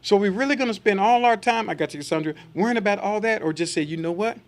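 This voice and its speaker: High-voiced man preaching a sermon. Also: quick pace. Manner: reads scripture then preaches with rhetorical questions; acts out quoted voices in asides.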